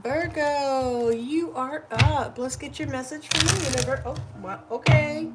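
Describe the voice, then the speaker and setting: A woman's voice: high voice, measured pace, loud music behind the voice. A woman hosting a live tarot reading, chatty and effusive, often tagging her lines with "literally" and "right?".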